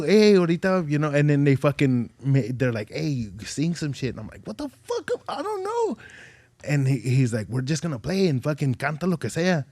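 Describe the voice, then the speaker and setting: A man's voice: a little high, no echo, clean studio sound. A man as a podcast guest telling stories in casual chat, swearing a lot, rambling, and acting out the voices of people he quotes.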